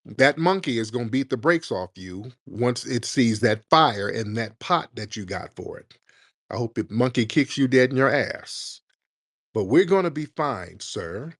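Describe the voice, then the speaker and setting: A man's voice: medium pitch, expressive, unhurried, no room sound, clean studio sound. A man hosting a heated call-in show, arguing and mocking a caller with repeated insults. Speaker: host.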